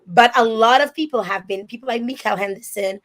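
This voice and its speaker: A woman from Dominica hosting a live online interview, chatting warmly and reading viewer comments aloud with lively emphasis. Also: on the high side, fairly quick. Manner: animated and emphatic, many restarts. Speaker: host.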